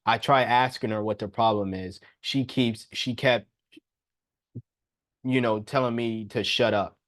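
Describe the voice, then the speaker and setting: A young man hosting a podcast, telling a personal story in a casual, animated way and often laughing as he talks. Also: a little slow. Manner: animated, jumps into higher voice when quoting himself. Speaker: podcast host.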